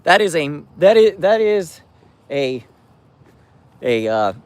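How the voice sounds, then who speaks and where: A man's voice: on the high side, big pitch swings, slow pace, clean tone, no room sound. A man live-streaming casually while he feeds stray cats outdoors, rambling with restarts and mild swearing into a handheld phone. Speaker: vlogger feeding stray cats. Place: outdoors by his car at night.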